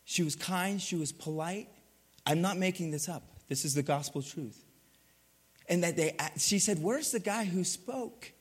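A man preaching, telling a lively story and acting out the voices, then going quiet to drive the point home. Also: fairly high pitch, moderate pace, husky, long reverb tail. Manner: animated, acts out voices, drops to quiet for the point. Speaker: pastor. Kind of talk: sermon storytelling.

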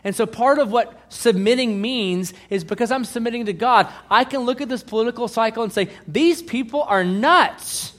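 A pastor preaching a sermon, emphatic, asking the congregation questions and reading scripture aloud. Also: male voice, very high voice, fairly quick, few pauses, fairly bright tone.

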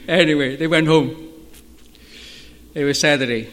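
A man preaching as a pastor, telling stories in an animated way and shouting at the high points. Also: moderate pace, long pauses. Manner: animated storytelling, shouting at peaks. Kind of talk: sermon storytelling. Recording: long hall reverb.

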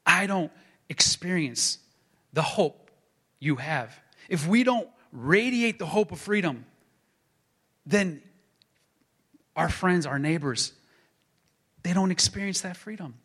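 A man preaching a sermon as a pastor, building to emphatic proclaiming and then dropping to a hushed tone. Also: a little high, animated, slow, pauses often, breathy edge.

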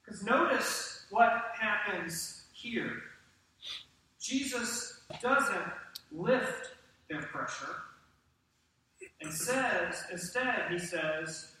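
A man preaching a sermon to his congregation with animated delivery and questions to the room. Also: high-pitched, very slow, long pauses, far from the mic, slight background noise. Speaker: pastor. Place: church sanctuary. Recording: echoey church hall from off-mic.

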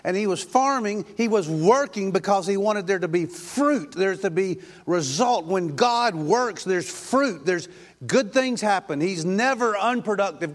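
A male pastor preaching a sermon in an emphatic, repetitive way, with rhetorical questions. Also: sits high.

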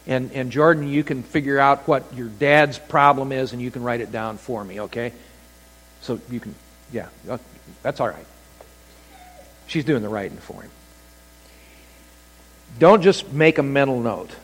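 A man preaching a sermon as pastor, telling stories with animated delivery and acting out quoted voices. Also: medium pitch, moderate pace, pauses often, slightly rough. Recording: long hall reverb.

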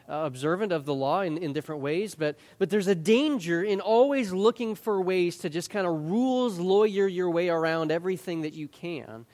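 A man's voice: on the high side, darkish tone. A man preaching an expository sermon as pastor, earnest and emphatic, often repeating a word as he restarts a phrase. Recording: long reverb of a large hall.

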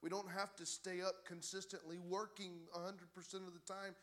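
A man preaching a sermon as pastor, building to loud, emphatic exhortation. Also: sits high, level tone, normal speed.

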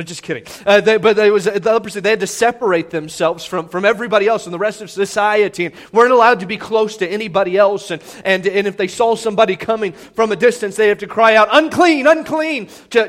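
A male pastor with a high, fairly bright voice retells a scripture story conversationally in a church sanctuary. He restarts often and acts out the dialogue.

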